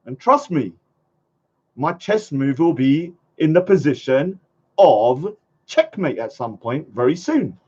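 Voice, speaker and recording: A man's voice: on the high side, animated, takes it slowly, darkish tone, husky. A man, vlogging casually to a live chat, rambling and mocking his critics. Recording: dull lo-fi sound.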